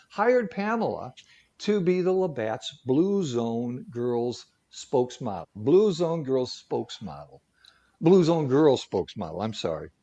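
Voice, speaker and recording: A man's voice: mid-range voice, darkish tone, lo-fi sound. A man co-hosting a talk show who tells stories casually, with jokey asides and lots of fillers. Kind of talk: casual storytelling segment.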